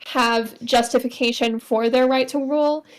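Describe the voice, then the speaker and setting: A young woman co-hosting a casual book-club podcast, adding thoughtful context in a polite, measured way. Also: fairly high pitch, fairly even intonation. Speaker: podcast co-host.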